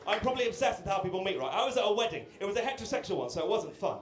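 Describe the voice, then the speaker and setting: A man's voice: high voice, sing-song, very fast, over music. A young British man doing a stand-up set, cheeky and chatty, bantering with the audience in a comedy club. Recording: roomy club with loud crowd.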